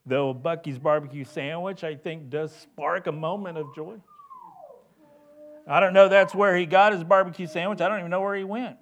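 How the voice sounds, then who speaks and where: A man's voice: high-pitched, normal speed. A man preaching a sermon in a conversational way, often repeating words as he builds his point. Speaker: pastor.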